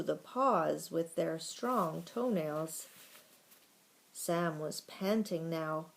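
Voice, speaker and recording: A woman reading a children's book aloud in a slow, steady storytelling manner. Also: low voice, vocal fry. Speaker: reader.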